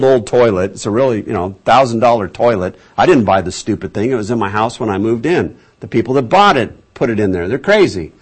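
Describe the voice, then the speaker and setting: A man's voice: medium pitch, a little mellow. A man teaching from the Bible in a conversational sermon, with a folksy, chatty storytelling manner and mid-range voice. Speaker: pastor.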